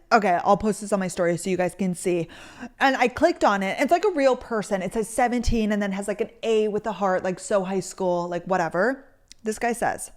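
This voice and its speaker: A woman's voice: mid-range voice, normal speed. A woman, chatting to camera and telling stories, full of "like"s and acted-out quotes. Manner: chatty, storytelling with many "like"s and quoted voices. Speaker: content creator. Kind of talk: casual chat to camera. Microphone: camera mic.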